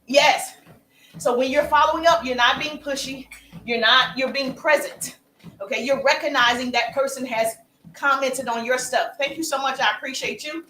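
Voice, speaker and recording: A woman business coach talking on a live stream, energetic and calling out her viewers by name. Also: high-pitched, moderate pace, reverberant, a little hiss or hum, low-quality recording.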